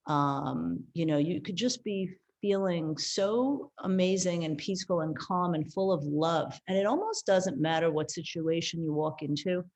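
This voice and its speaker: A woman's voice: fairly low pitch, a little slow, few pauses, a little mellow. A woman co-host talking in a reflective, earnest way in casual chat.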